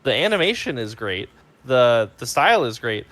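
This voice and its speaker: A man's voice: mid-range voice, sing-song, normal speed, a bit bright. A young man co-hosting a podcast, chatting casually with wry, opinionated remarks about a cartoon. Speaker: podcast co-host.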